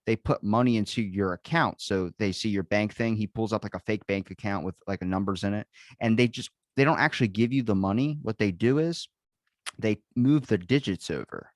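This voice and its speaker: Guy on a podcast telling a story, kinda low voice, swears a lot, does all the voices. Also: a little fast, dry recording. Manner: animated storyteller, acts out quotes, swears often. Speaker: podcast guest. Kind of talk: casual chat.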